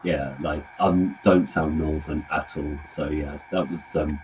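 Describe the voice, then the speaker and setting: Deep guy, casual co-host, rambles with lots of "um" and "like". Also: steady tone, darkish tone, slight background noise, poor audio. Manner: rambling, halting, full of fillers. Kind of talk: casual chat.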